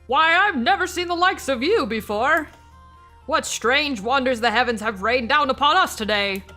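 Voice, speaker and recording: A woman's voice: high-pitched, expressive, moderate pace, bright, forceful tone, soft background music. A woman voicing a nerdy young male alien aviator in a flowery, old-timey radio announcer manner, grandiose and chipper. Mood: amazed.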